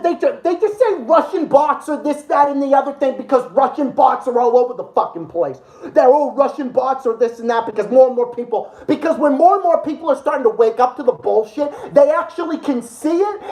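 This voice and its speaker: A man's voice: very high-pitched, a little fast, few pauses, a little mellow, roomy sound, low-quality recording. Guy ranting on his stream, super sweary and sarcastic, fed up with everything. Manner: profane, sarcastic, exasperated. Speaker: livestream host. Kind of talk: ranting commentary over clips.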